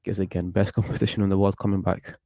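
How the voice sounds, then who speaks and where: Guy chatting thru a football match, mellow low voice, opinionated, lots of restarts. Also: little pitch movement, very fast, no echo. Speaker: football watchalong host. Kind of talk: casual live match commentary.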